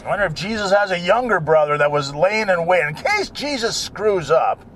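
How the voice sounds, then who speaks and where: Man, high voice, lively swooping pitch, rambling jokey monologue, in a car. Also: normal speed, a little hiss or hum. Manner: rambling, irreverent, joking. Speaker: vlogger. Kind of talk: casual monologue while driving.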